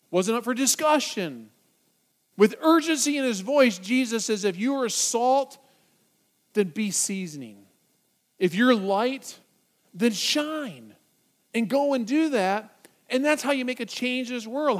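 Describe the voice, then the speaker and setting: High-voiced man preaching a sermon. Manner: emphatic, builds to loud urgent repetitions.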